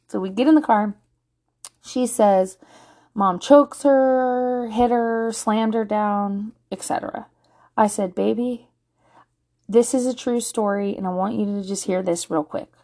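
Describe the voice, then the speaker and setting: A woman in her thirties telling a story in a casual way, blunt and profane, acting out what people said. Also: fairly high pitch. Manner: blunt, profane, animated storytelling with acted-out quotes.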